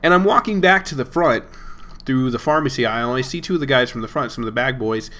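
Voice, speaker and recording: A young man talks at a middle pitch in a loose, rambling way, chuckling as he goes. He tells a story casually, like a gaming channel host chatting to viewers. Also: quick pace, pushed and bright. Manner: rambling and amused, chuckling between lines. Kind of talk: casual storytelling over gameplay.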